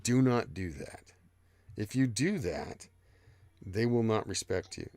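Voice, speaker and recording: A man's voice: lowish voice, expressive, slow, a little mellow, dry recording. A man hosting a casual livestream, rambling loosely through the chat and cursing freely. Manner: rambling, loose and profane, reads chat aloud. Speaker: livestream host.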